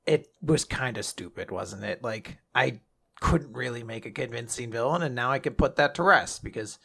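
A man voicing a remorseful male traitor who speaks in a low, subdued way while recounting a story. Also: vocal fry, fairly bright tone. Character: remorseful male traitor swordsman, self-sacrificing.

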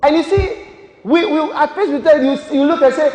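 High-voiced preacher in an echoey hall. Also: male voice, fairly quick. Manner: emphatic, repeats rhetorical questions, bursts into shouts. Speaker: pastor. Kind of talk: sermon. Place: large church hall. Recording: echoey church hall with long reverb.

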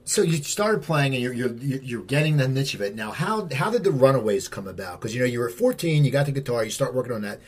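A man's voice: medium pitch, lively intonation, quick pace, few pauses, breathy edge. A man interviewing a guest, asking long questions with restarts.

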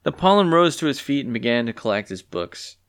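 A man narrating a storybook with an animated, expressive reading. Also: mid-range voice, fairly quick, clear, resonant tone. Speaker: story reader.

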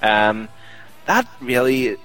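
A man's voice: medium pitch, sing-song, drawn-out words, a bit bright, soft background music, low-quality recording. Rambling man chatting about wrestling. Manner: rambling, hesitant with many fillers. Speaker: podcast co-host. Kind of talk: casual wrestling chat.

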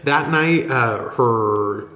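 Rambling man telling a church story, echoey room. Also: medium pitch. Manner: rambling, halting, excited storytelling. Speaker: podcast co-host, church member. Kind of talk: casual storytelling chat. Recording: roomy echo.

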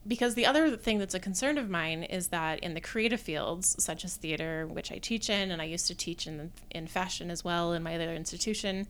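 A woman professor speaking as a guest in a podcast interview, talking in a thoughtful, measured way with frequent pauses to gather her thoughts. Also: lowish voice, a bit bright, a little hiss or hum. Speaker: guest, theatre design professor.

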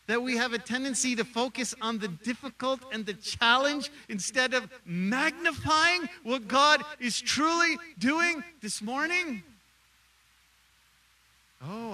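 A middle-aged man preaching a sermon as pastor, animated, acting out quoted voices. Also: extremely high pitch, recorded from a distance, poor audio.

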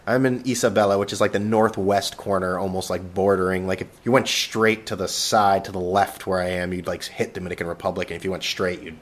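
Man, low-pitched voice, casual solo podcast host, rambling, sarcastic, swearing. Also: little pitch movement, fairly quick, hardly any pauses. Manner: rambling, sarcastic, profane, jokingly addressing an absent co-host. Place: vacation rental with no internet.

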